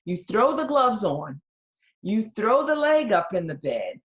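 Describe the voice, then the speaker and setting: A woman's voice: medium pitch, sing-song, unhurried. A woman presenting a webinar lecture, talking conversationally and checking in with the listeners with frequent "right?".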